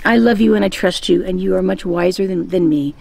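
A man's voice: sits high, fairly quick, gravelly. A woman telling of an earnest young man. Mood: humble. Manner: frustrated, pleading, then trusting. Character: earnest young man straining to obey God.

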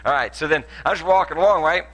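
A man's voice: on the high side, fast talker, a bit bright, rough recording. A man, a pastor giving a playful sermon with a live demonstration, joking and laughing often with lots of restarts, in a church auditorium.

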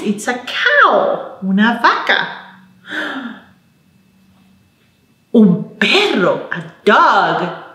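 A woman librarian reads a storytime for small children, speaking very slowly with a bright, swooping sing-song that keeps the little ones engaged. She coaxes answers with gentle questions and slips in Spanish words. Her voice rings in a roomy, echoing space. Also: fairly high pitch. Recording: roomy echo.

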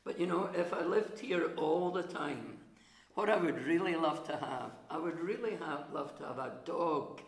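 Chesty minister, roomy church. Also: male voice, fairly high pitch. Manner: gentle storytelling to children, frequent "uh" pauses. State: coughing, chesty. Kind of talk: children's talk in a church service.

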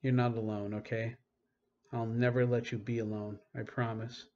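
A man reading an audiobook, voicing a calm, gentle young man with strange powers who speaks quietly and reassuringly. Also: medium pitch, moderate pace, muffled recording, lightly acted.

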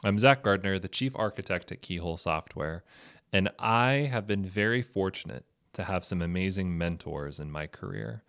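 A man's voice: sits low, moderate pace, gravelly, fairly bright tone, clear, resonant tone, no echo, studio quality. A man hosting a video podcast interview in a casual, jokey manner. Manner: jokey, playful, punning. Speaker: podcast host.

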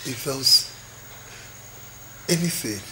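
A man's voice: medium pitch, expressive, slow, heavy background noise. A man with a Nigerian accent playing a respectful young suitor pleading with his bride's parents.

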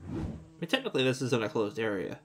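A man's voice: medium pitch, big pitch swings, fast talker, fairly bright tone, soft background music. A man casually commenting on a cartoon he is watching, cracking crude jokes and laughing often. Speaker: reaction video host.

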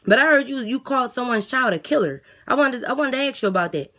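A woman playing a weary jail guard who relays messages in a flat, matter-of-fact way. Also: high voice, fast talker, exaggerated voice. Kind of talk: comedy skit character voice.

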